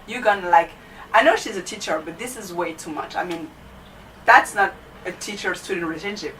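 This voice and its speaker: Young female student vlogger, low-pitched and chatty, set back from the mic. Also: a little fast, a bit bright. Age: young adult. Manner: chatty, many fillers like "you know" and "like". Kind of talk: casual storytelling chat. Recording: distant mic with faint background noise.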